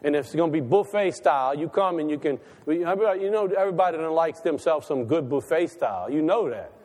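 Expressive and fast-talking, this preacher has a slightly high, darkish voice as he gives a sermon in a church sanctuary. His folksy, conversational delivery rises into impassioned calls, with long reverb from the church hall.

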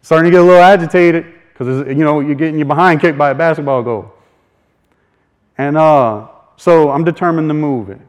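A man's voice: fairly high pitch, a little fast, smooth. A man sharing a faith testimony as a folksy, chuckling storyteller who acts out the voices of people in his story. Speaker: speaker sharing a personal testimony.

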